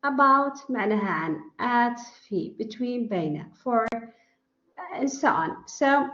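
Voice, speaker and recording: A woman's voice: fairly high pitch, animated, normal speed, fairly bright tone. A woman English teacher with an Arabic accent who explains step by step, with hesitant fillers, in a classroom lecture. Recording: dull echoey room recording.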